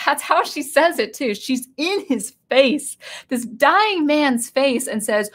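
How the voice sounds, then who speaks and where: Brief: woman host, casual commentary, somewhat high pitch, animated with restarts. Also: moderate pace. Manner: animated, acts out quoted lines, frequent restarts.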